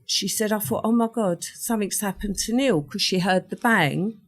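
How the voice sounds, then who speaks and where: An older woman with a mid-range voice, speaking at a moderate pace, appears as a podcast guest. She's a vivid storyteller, recounting a personal story in conversation and acting out what others said.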